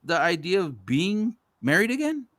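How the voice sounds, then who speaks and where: A man's voice: sits high, sing-song, normal speed, a bit bright. A man hosting a podcast, telling stories in casual chat, swearing freely and acting out other people's lines. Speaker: podcast host.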